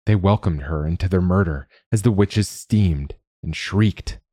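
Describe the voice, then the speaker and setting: Man, very low voice, measured story narration, dry close sound. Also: dark tone, no room sound. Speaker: podcast narrator. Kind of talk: scripted narration.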